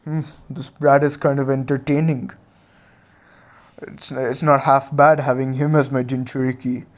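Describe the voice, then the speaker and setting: A man voicing a hateful male nine-tailed fox demon, speaking with contempt in a low-key retold fan story. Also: level tone, unhurried, close to an everyday voice. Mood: amused. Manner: contemptuous, calls others brat.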